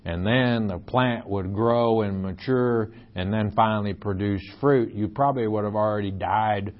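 A man giving a Bible lecture, reading verses aloud and explaining them in deliberate asides. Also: on the low side. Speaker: Bible teacher. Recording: dull lo-fi recording.

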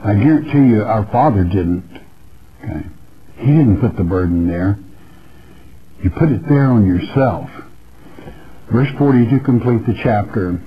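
On a radio broadcast, a male preacher teaches the Bible verse by verse, earnest and repetitive, repeating phrases and calling the listener his friend. His voice is on the low side, expressive and unhurried, with long pauses. The sound is lo-fi.

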